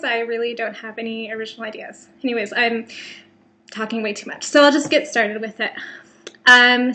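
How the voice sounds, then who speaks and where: Chatty bright-voiced young American woman. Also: a little high. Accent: General American. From California, Bay Area. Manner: rambling, self-deprecating, chatty with many fillers. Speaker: vlogger. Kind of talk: casual vlog chat.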